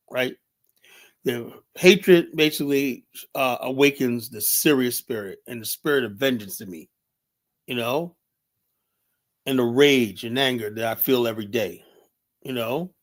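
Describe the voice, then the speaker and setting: A man's voice: medium pitch, a bit bright. A middle-aged man hosting a livestream, talking off the cuff in a blunt, heated and profane way, rambling and filling gaps with "you know". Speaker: livestream host. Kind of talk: unscripted livestream commentary.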